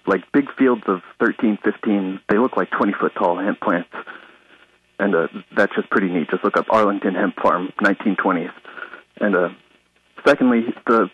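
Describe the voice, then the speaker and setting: A man's voice: on the low side, phone-quality sound, a little hiss or hum. A man calling in to a radio talk show, nervous and rambling. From Alaska. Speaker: caller.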